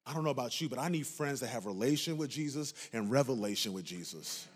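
A man's voice: mid-range voice, animated, fast talker, hardly any pauses, breathy edge. A man preaching a passionate sermon as pastor, asking the congregation if they are with him and rising to emphatic peaks. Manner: impassioned preaching with call-and-response asides.

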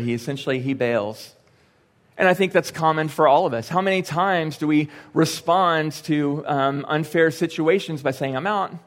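A young man preaching a sermon in a church, speaking in a conversational way with joking asides and quoted lines acted out. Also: on the high side. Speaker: pastor. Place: church sanctuary.

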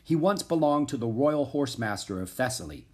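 A male narrator voicing an older man of learning, patient and measured as he explains. His delivery moves with lively pitch and reads like a storybook. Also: natural voice. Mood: calm. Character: calm, wise older male teacher.

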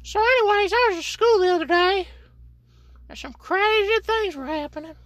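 Comic bit: a foul-mouthed schoolboy, very high and squeaky, bright and tense tone. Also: male voice, moderate pace, no echo. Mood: disgusted. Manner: profane, exaggerated complaining. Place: inside a parked truck.

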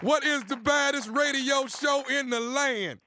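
A man who is a radio comedian, running a prank call and joking on air in a loud, playful, animated way. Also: very high voice, a little slow, noisy background. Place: radio studio.

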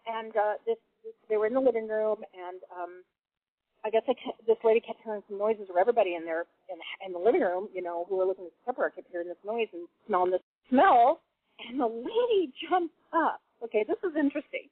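A woman's voice: fairly high pitch, quick pace, no echo. A woman telling her own story in a casual interview, acting out the people she quotes. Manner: animated, acts out voices in quotes. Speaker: guest witness. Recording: tinny phone-line audio.

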